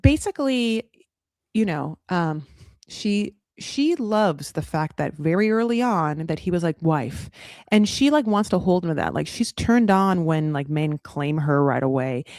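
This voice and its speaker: A woman hosting a casual recap podcast, talking in an animated, rambling way and slipping into funny voices for quotes. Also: fairly low pitch, unhurried, no room sound, clean studio sound. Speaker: podcast host recapping a reality show. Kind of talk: casual chat.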